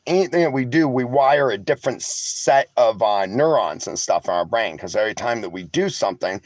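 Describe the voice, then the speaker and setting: Tired, candid man rambling to viewers. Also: lowish voice. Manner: candid, rambling, sarcastic, swears freely. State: tired, emotional. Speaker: vlogger. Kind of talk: casual talk to viewers, reading live chat. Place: in a vehicle.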